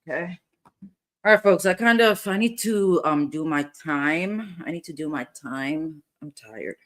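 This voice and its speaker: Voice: mid-range voice, fairly bright tone. Brief: casual streamer reacting live, loose and conversational, speaks straight to viewers. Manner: chatty, rambling, talks to viewers. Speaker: livestream commentator.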